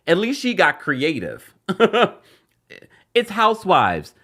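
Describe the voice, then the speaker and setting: Animated chatty man recapping reality TV. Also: moderate pace. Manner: animated, chatty, jumps up in pitch for emphasis. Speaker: recap show host. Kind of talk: casual recap commentary with sponsor read.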